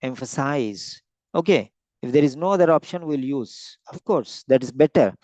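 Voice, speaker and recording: A man teaching vocabulary in an online lesson, slowly repeating and stretching out each word for emphasis. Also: mid-range voice, animated, a little mellow, dry recording. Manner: slow, repeats words, stretches them out to stress them. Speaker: English teacher.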